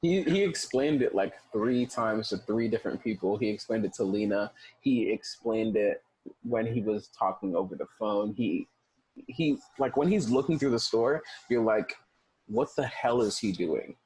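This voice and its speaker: A man's voice: on the low side, normal speed, a little mellow, breathy edge, rough recording. A man co-hosting a film podcast, talking casually and animatedly, often acting out scenes with quoted lines. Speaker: podcast co-host.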